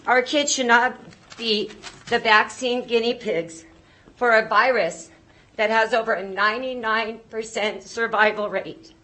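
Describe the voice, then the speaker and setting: A woman's voice: fairly high pitch, fairly even intonation, measured pace, pushed and bright, low-quality recording. A woman giving a prepared public comment as a parent, earnest and pleading, nervous and choked up.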